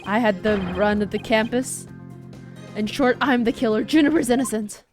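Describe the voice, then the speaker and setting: A woman's voice: fairly high pitch, moderate pace, soft background music, lightly acted. A woman voicing an arrogant male killer in a video game, speaking grandly and theatrically. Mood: boastful.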